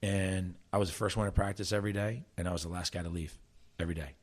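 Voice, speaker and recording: Speaking fast in a low voice, this guest, a middle-aged former player now coaching soccer in South Jersey, USA, tells lively stories in a relaxed interview. He restarts himself frequently.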